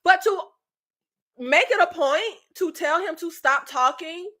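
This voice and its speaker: A woman's voice: very high-pitched, unhurried, bright, forceful tone. A woman vlogger giving casual, profane commentary on a reality show, ranting with emphatic repetition and laughing often. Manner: talkative and emphatic, repeats phrases.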